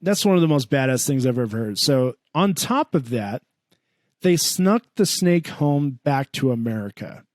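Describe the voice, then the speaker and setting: Man, podcast co-host, animated comic storyteller, dry close mic. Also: normal speed, no echo. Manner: animated, swears a lot, voices his mom in a high pitch. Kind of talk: comedic storytelling.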